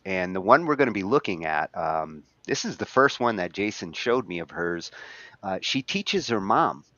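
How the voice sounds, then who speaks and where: A man's voice: sits low, lively intonation, normal speed, sharp tone, dry recording. A male podcast host chatting casually, rambling and laughing as he goes. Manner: rambling, laughs often, restarts words. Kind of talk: casual chat. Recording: dull lo-fi dry sound.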